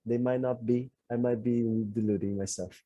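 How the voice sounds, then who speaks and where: An earnest man talks candidly on a podcast, reflecting on his own experience. His voice is dark and mellow. The sound is dry and close to the mic, with no room around it. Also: medium pitch, steady tone, moderate pace, no room sound, dull audio. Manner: earnest, self-reflective storytelling. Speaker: podcast co-host. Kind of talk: candid conversational podcast talk.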